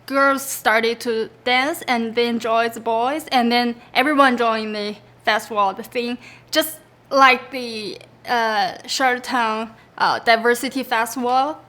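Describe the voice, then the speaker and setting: A woman from China with a Chinese accent, introducing her instrument in a hesitant, casual way with many pauses. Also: a little high, steady tone, pushed and bright. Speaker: pipa musician.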